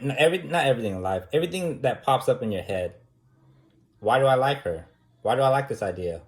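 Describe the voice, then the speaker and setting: A man teaching a debate class in an informal, talky way, firing off repeated rhetorical questions and using casual fillers. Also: fairly low pitch.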